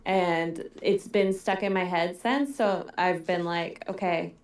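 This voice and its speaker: A woman's voice: lowish voice, slow, echoey room. A woman who writes scripts, chatting casually on a live Q&A and saying "like" a lot. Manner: chatty, heavy use of "like". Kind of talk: casual chat.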